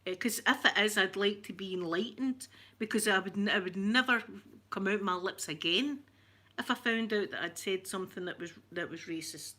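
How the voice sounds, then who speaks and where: A woman's voice: mid-range voice, moderate pace, bright, forceful tone. A woman chatting casually with viewers on a stream, open and emotional about her feelings. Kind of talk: casual chat answering viewers.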